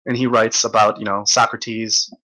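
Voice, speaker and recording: A man's voice: fairly low pitch, little pitch movement, normal speed, sharp tone, low-quality recording. A man hosting a casual livestream, rambling and joking, swearing often and laughing as he reads out chat comments.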